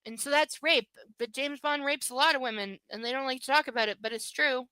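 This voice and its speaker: Brief: woman, live reader, mocking profane commentary, smooth voice, dry sound. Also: high voice, brisk, sharp tone, no room sound. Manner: sarcastic, profane asides. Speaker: livestream reader.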